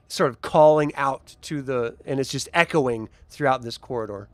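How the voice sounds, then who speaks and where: A man's voice: medium pitch, fairly even intonation, normal speed, few pauses, clean tone, dry recording. A man narrating a tabletop game as game master, describing scenes and laughing easily.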